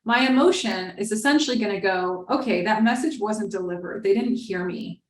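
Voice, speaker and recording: A woman's voice: mid-range voice, normal speed, echoey room, a little hiss or hum. A woman giving an explanatory webinar talk in a conversational way, acting out bits of example dialogue as she teaches. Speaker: webinar presenter.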